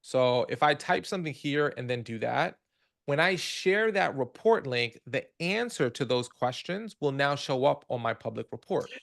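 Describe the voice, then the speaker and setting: A man's voice: mid-range voice, lively intonation, normal speed, vocal fry, fairly bright tone. A man hosting a webinar Q&A, explaining features in a casual, conversational way and walking through the steps one by one. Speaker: host of a product Q&A webinar.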